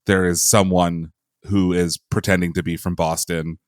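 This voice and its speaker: Guy cohost with a lowish voice, joking around about movies, dry close mic. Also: level tone, normal speed, dry recording. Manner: friendly, jokey, some restarts. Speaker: podcast co-host. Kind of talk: casual chat.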